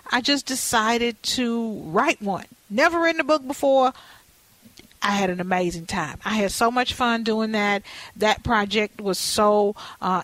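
Woman hosting a talk show, kinda high voice, super dry sound, chatty and candid. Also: dry recording, poor audio. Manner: lively and candid, with folksy asides. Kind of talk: casual talk show chat.

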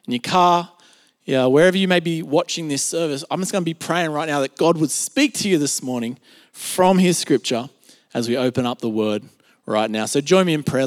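Australian pastor, high voice, reverberant hall. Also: male voice, normal speed. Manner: conversational, storytelling with filler words. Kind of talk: sermon. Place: church service, streamed.

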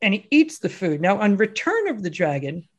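A man co-hosting a casual film chat, telling stories in an animated way and laughing often. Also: high voice, moderate pace. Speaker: podcast co-host.

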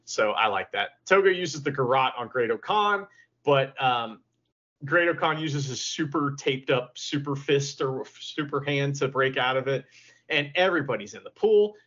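A man's voice: mid-range voice, animated, normal speed, a bit bright. A man co-hosting a podcast, recapping in a rambling, enthusiastic way with many fillers, on slightly dull lo-fi audio. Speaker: podcast co-host. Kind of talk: casual wrestling recap.

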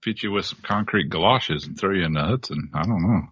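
Low-voiced male host, dry humor, dull lo-fi sound. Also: fairly quick, fairly bright tone, breathy edge, no echo. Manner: wry, dry joking. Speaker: podcast host. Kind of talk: casual chat.

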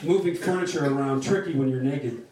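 A man's voice: mid-range voice, brisk, a crowd in the background. A man giving a live reading of crude comic fiction, delivered wryly. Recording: roomy sound from a distant mic.

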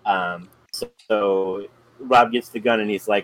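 A man's voice: lowish voice, steady tone, measured pace, a bit bright, rough recording. Rambling man retelling a story. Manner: rambling, full of ums and likes. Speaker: podcast co-host. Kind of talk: casual chat, retelling a story.

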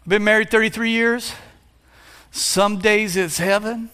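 A man in his fifties, a pastor, preaching a playful sermon that builds to shouts. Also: high voice, fairly even intonation, a little slow, smooth. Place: church sanctuary. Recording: long hall reverb.

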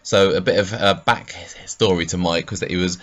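An easygoing man co-hosting a podcast, with a very deep, low-pitched voice. He chuckles often and leans on fillers as he thinks aloud. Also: steady tone, brisk, dull audio. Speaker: podcast co-host. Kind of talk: casual podcast chat.

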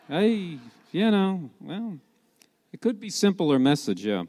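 Lively preaching man in a reverberant hall. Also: high-pitched, unhurried. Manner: conversational, joking asides, emphatic. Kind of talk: sermon.

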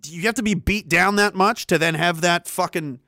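A man's voice: high-pitched, moderate pace, sharp tone, no echo, clean studio sound. A man from Canada hosting a livestream, reading chat messages aloud in a profane, rambling and emphatic way. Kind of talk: casual livestream rant.

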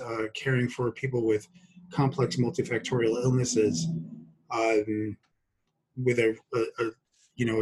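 A man in his sixties from Brooklyn, a doctor talking as a podcast guest, halting with fillers and restarts and fond of jokes. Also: medium pitch, slightly rough, low-quality recording. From Brooklyn, New York. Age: 60s. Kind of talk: podcast interview.

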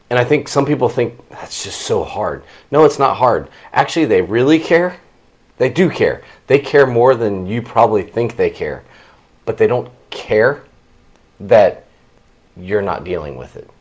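Earnest podcast host with a low voice. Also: male voice. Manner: earnest, repeats himself while thinking aloud. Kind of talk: casual interview chat.

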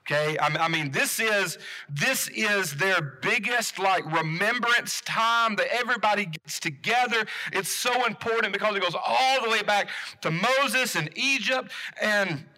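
High, bright-voiced man preaching casually. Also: measured pace. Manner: casual, asks the congregation questions, many restarts. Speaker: pastor. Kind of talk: conversational sermon.

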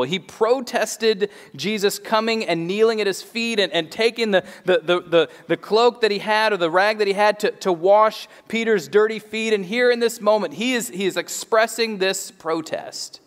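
High-voiced man preaching in a reverberant hall. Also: normal speed, few pauses, fairly bright tone. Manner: earnest, conversational, often repeats words as he restarts. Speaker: pastor. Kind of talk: sermon.

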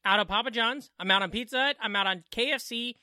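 A man's voice: very high voice, fast, sharp tone, dry recording, clean studio sound. A man co-hosting a podcast from home, chatting casually with sarcastic, profane jokes. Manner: joking, profane, sarcastic asides. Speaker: podcast co-host. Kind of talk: casual comedic chat. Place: home living room.

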